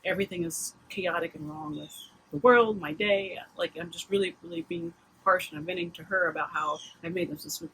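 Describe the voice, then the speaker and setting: A woman in her thirties, a mom vlogging, talking in a casual confessional way with halting restarts and open emotion. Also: on the low side, a bit bright, slight background noise, poor audio. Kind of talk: casual confessional vlog talk.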